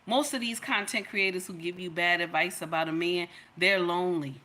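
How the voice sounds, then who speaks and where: A woman's voice: lowish voice, fairly even intonation, normal speed, pushed and bright. A middle-aged woman hosting a livestream, giving emphatic, sermon-like relationship advice straight to her viewers. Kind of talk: preachy livestream talk.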